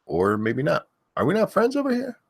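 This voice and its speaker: A man hosting a casual livestream who loudly yells out viewers' names, then drops back into loose, swearing chatter. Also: a little high, huge pitch swings, normal speed, gravelly, husky. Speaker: livestream host.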